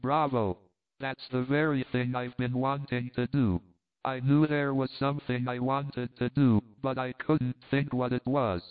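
A man voicing an excitable young man who talks in a childishly eager, exclamatory way. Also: medium pitch, a little slow, clean tone, close to an everyday voice. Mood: excited. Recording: tinny phone-like sound.

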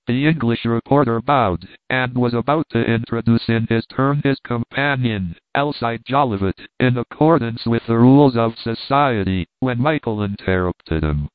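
A man reads a classic adventure novel aloud as an audiobook narrator, keeping his storytelling measured and even. His voice is medium-pitched, and the dry recording has a tinny, phone-like quality.

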